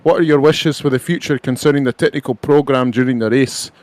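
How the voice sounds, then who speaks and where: A man's voice: mid-range voice, fairly quick, a little mellow, no echo, natural voice. A man putting on a Scottish accent to read out a long, formal reporter's question. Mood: mock formal.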